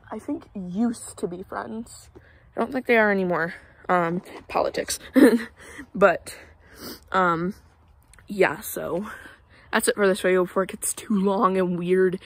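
A woman's voice: mid-range voice, dry recording. A young woman talking on a walk outdoors, chatty and out of breath, with many fillers and indignant asides. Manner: chatty, lots of fillers, indignant about neighbors. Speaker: vlogger. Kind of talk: casual rambling vlog, walking. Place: outdoors in a neighborhood.

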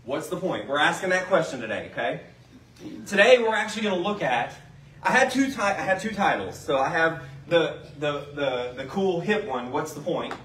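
In a church sanctuary, a pastor with a slightly high, somewhat bright voice and lively intonation preaches at normal speed. His sermon is conversational and casual, and he asks the congregation questions. The audio is roomy and distant.

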